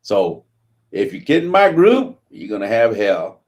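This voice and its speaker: An older man voicing a brash, racist young male sailor from the Deep South. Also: very animated, a little slow. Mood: threatening. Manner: loud, threatening, bossy.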